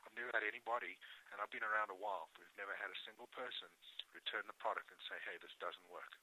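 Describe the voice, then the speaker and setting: Low husky guy, folksy and pumped up, casual podcast chat. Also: fast, pushed and bright, poor audio. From United States. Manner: enthusiastic, folksy, salesy reassurance. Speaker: health practitioner and product supplier.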